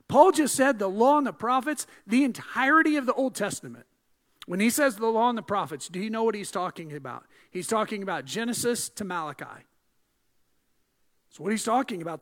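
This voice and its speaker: A male pastor preaching a sermon, swinging from hushed asides to loud, emphatic build-ups. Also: high-pitched.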